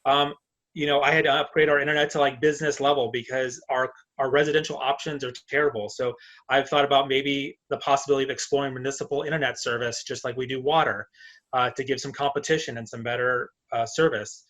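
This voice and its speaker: A man's voice: mid-range voice, steady tone, fast talker, a bit bright. A man running for city council, answering casually and practically on a video call. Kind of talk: candidate forum answer. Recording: dull lo-fi video call audio.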